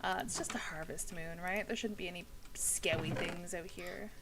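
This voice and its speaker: Bright-voiced young woman streamer, chatty. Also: lowish voice, fairly even intonation, moderate pace, gravelly, poor audio. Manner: chatty, swears casually, talks to chat while playing. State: tired. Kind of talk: casual gaming livestream chat.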